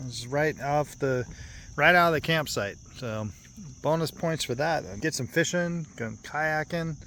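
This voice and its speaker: A man's voice: a little high, a bit bright. A man vlogging his RV trip in a casual, rambling way, full of fillers and chuckles, as he rides a trail at a campground. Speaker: RV travel vlogger. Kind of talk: casual vlog narration. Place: outdoors at a campground, riding along a trail. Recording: noisy outdoor recording. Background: outdoor ambience and noise.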